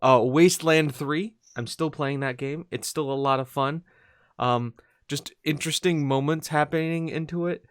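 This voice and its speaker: A man co-hosts a casual video game podcast, rambling hesitantly with lots of fillers and restarts. His voice is on the high side and smooth, at a moderate pace, with studio quality and no echo.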